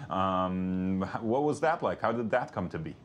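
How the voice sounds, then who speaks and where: A man interviewing guests for a TV news channel, halting, with many filler sounds. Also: sits low, animated. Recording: faint background noise.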